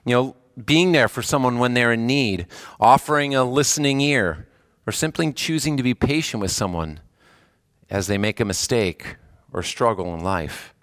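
Male pastor, earnest conversational sermon delivery, mid-pitched voice, dry close recording. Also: normal speed, a bit bright, no echo. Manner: earnest, conversational preaching with rising emphasis.

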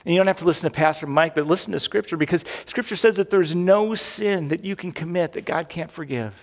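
A man's voice: on the high side, fast. A middle-aged man preaching a sermon as pastor, in a chatty way with repeated phrases and frequent "right?" asides. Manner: conversational preaching with tag questions and repeated phrases. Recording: long hall reverb.

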